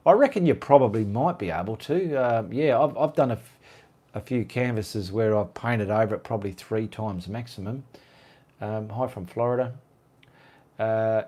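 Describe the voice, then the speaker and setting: A man's voice: mid-range voice, animated, measured pace, a little mellow. An Australian man hosting a casual live-stream Q&A, chatting and reading viewer comments aloud in a rambling way.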